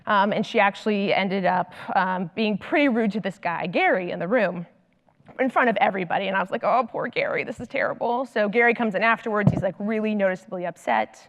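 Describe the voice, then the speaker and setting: Woman giving an animated conference talk. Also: medium pitch, a little fast. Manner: animated storytelling, frequent "like". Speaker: consultant and coach. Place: large conference hall. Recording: long hall reverb from stage.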